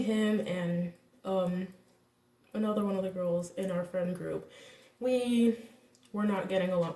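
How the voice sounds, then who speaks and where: A young woman vlogger casually telling a personal story, candid and animated, acting out what people said. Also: mid-range voice, recorded from a distance. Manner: candid, animated retelling with quoted voices and laughs. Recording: echoey room, voice a bit off-mic.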